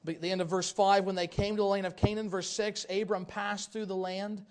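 A man, a pastor, preaching a sermon and telling stories in an animated way, moving between quiet and loud. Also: sits high, brisk.

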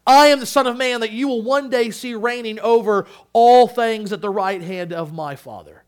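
A male pastor preaching a sermon, moving between loud emphatic peaks and hushed, low asides. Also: normal speed, smooth.

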